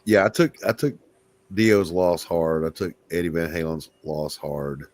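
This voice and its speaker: A man's voice: low-pitched, unhurried. A man telling laughing, profane stories in a casual livestream chat. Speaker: panelist on a livestream.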